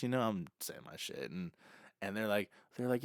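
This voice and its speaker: Young guy, podcast co-host, spins an animated story, smooth clear voice. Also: lowish voice, quick pace, no echo, clean studio sound. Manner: animated, acts out quoted dialogue. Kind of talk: casual storytelling chat.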